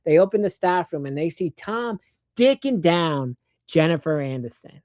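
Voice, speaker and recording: Movie recap, casual, profane, rambling, sarcastic asides, mid pitch, dry close sound. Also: expressive, a little mellow, no room sound. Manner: acts out characters' lines in quick put-on voices.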